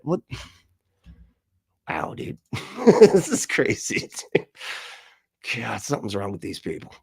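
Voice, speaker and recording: A man's voice: on the low side, a little mellow, dry recording, studio quality. A man giving casual commentary, reading chat comments aloud and reacting in a profane, rambling, sarcastic way, laughing often. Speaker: video commentator.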